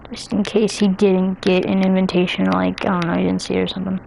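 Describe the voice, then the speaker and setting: A woman's voice: medium pitch, completely flat delivery, vocal fry, a little mellow, slight background noise. A woman casually telling a made-up story while gaming, rambling with constant restarts and briefly acting out each character's lines. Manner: rambling, many restarts and "so then"; acts out characters' lines in quick little voices.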